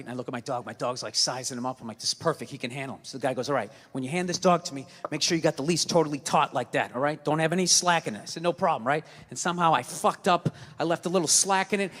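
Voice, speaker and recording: A man doing a stand-up comedy routine, ranting loudly, swearing and acting out voices in his stories. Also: on the high side, in a large hall.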